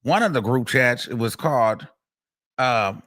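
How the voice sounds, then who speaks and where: A man hosting a casual commentary show, telling a courtroom story in with animated, profane delivery and bursts of laughter. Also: mid-range voice, a little slow.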